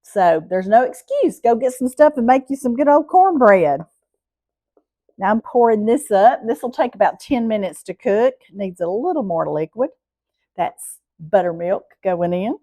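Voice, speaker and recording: A woman's voice: a little high, animated, measured pace, mellow, no room sound. Southern woman, middle-aged cooking host, homey and chatty, dry close sound. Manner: homey, chatty, addresses viewers as y'all. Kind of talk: casual cooking vlog.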